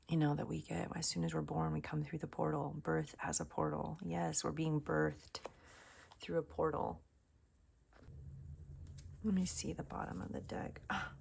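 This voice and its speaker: Low, gravelly-voiced woman reading tarot. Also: flat delivery, measured pace. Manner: chatty, musing aloud, often drops to a soft near-whisper. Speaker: tarot reader. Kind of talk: casual tarot reading to camera. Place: home room.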